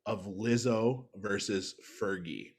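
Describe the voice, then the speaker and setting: A man's voice: lowish voice, takes it slowly, husky. A man hosting a casual online music show, introducing his co-hosts and guest announcer-style. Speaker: podcast host.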